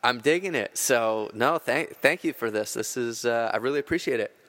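A man's voice: medium pitch, normal speed, fairly bright tone. A man hosting a podcast, talking casually and often repeating and restarting his words. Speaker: podcast host. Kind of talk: casual interview talk.

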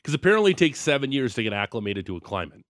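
A man's voice: medium pitch, very animated, very fast, a bit bright, dry recording. A man co-hosting a sports radio show, telling stories and teasing in casual banter from a studio. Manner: joking, storytelling, teasing. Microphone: studio microphone.

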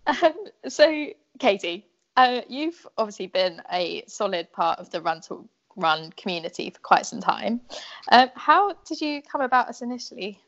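A woman's voice: medium pitch, sing-song, moderate pace, fairly bright tone. Hesitant woman podcast co-host. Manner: hesitant, with frequent fillers. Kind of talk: casual interview. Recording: dull lo-fi sound.

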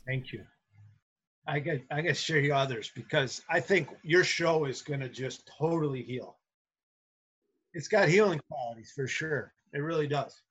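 Middle-aged male teacher, earnest storyteller, husky and higher-pitched. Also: normal speed, fairly bright tone. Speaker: substitute teacher and guest. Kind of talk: casual storytelling interview.

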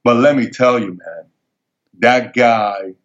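A man's voice: mid-range voice, slow pace. Intense, emphatic male guest with a mid-range voice, telling personal stories on a dull lo-fi recording. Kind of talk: emotional personal storytelling. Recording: dull lo-fi sound.

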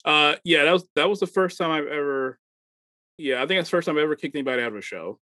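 A man's voice: a little high, fast, pushed and bright, no room sound. A man co-hosting a casual chat as a comedy show producer, rambling, laughing often and acting out quoted exchanges.

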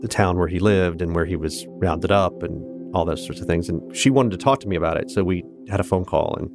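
A man's voice: low-pitched, fairly quick, vocal fry, music in the background. A man from Kansas in his fifties, an interview guest telling his own family story in an earnest, reflective and candid way. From Kansas, USA. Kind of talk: personal storytelling in conversation.

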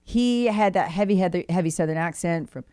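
A woman's voice: lowish voice, brisk, dark tone, no room sound, studio quality. A woman co-hosting a radio talk show, chatting playfully and reading listener texts aloud. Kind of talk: casual radio chat.

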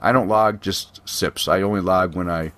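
A man's voice: low voice, steady tone, moderate pace, a bit bright. Rambling middle-aged man, casual chat. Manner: rambling, conversational, frequent restarts.

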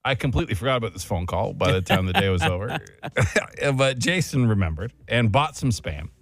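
Animated, teasing radio host. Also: male voice, fairly low pitch, moderate pace, no echo, faint music behind. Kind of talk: casual morning radio banter.

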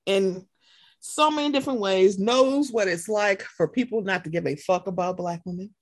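A woman hosting a podcast in casual chat, animated and profane, acting out quotes in voices. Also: medium pitch, normal speed. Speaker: podcast host.

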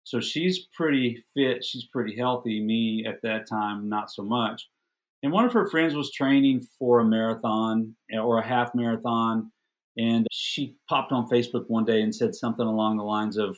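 Animated middle-aged man telling a story. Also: medium pitch, moderate pace. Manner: animated, self-deprecating, repeats words when excited. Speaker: podcast guest. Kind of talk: casual personal storytelling.

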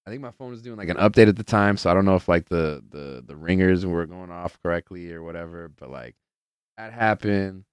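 A man's voice: low-pitched, brisk, smooth, dry recording. A young man hosting a podcast, chatting casually in a rambling, profane way with lots of filler words and acting out the people in his stories. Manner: loose storyteller who plays out the people in his stories. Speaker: podcast host. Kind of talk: casual chat.

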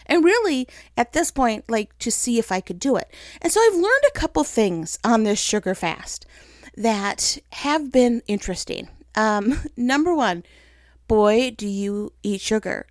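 Unhurried and slightly high in pitch, this woman hosts a casual faith-based chat captured in clean, dry studio sound. She tells animated stories, teases herself, and acts out what she was thinking in different voices.

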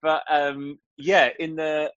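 A man's voice: on the high side, level tone, slow, fairly bright tone, no echo, dull audio. A man, a guest singer, talking in chatty, rambling casual chat with frequent laughs.

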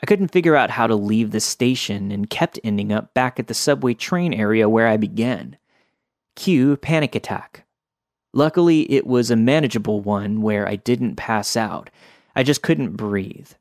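A man reading a listener's story aloud in the first person, in steady scripted narration. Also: on the low side, moderate pace, no echo, studio quality.

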